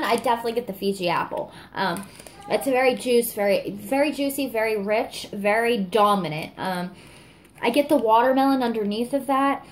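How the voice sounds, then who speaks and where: A woman's voice: medium pitch, a little hiss or hum. Gushing woman reviewing wax melts. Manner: gushing, excitable, lots of fillers and laughs. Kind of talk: casual product review vlog.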